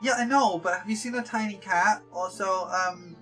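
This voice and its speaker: A woman's voice: medium pitch, moderate pace, hardly any pauses, fairly bright tone, faint music behind. Chatty young woman streaming. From Yorkshire, England. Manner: chatty and rambling, with lots of likes and ums; playful, repeats jokes to the characters on screen. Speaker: game streamer. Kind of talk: casual livestream chat.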